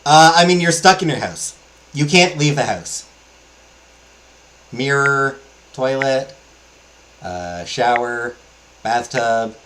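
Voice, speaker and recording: A man's voice: mid-range voice, lively intonation, takes it slowly, pauses often, a bit bright, a little hiss or hum, low-quality recording. A man hosting a let's play, chatting casually and enthusiastically with many fillers as he talks through a game.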